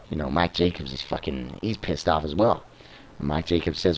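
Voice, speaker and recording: Male commentator, deep voice, blunt and sweary. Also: fairly even intonation, normal speed, low-quality recording. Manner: blunt, opinionated and swearing freely. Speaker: wrestling commentator. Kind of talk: casual play-by-play commentary over a video game.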